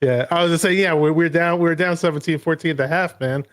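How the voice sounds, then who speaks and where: A man hosting a live sports reaction show, recapping a game in an excited, rambling way. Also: fairly high pitch, quick pace, no echo, clean studio sound. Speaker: podcast host.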